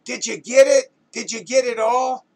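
A man voicing an excitable film director who booms out grand commands on set. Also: slow pace, creaky, slightly rough, heavily acted, poor audio. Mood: excited. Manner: booming commands.

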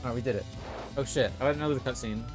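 A man's voice: medium pitch, racing, over loud music. Rambling, swearing young male streamer. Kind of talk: casual gaming stream commentary.

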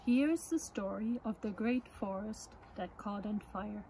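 A woman presenting children's books, reading a picture book aloud at story time in a gentle, measured way. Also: medium pitch, slight background noise, rough recording.

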